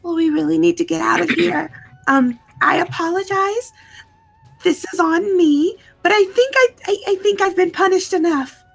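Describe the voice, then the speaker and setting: A woman's voice: very high-pitched, moderate pace, creaky, soft background music, pitched above the performer's own voice, low-quality recording. A woman voicing her adventurer character, earnest and apologetic.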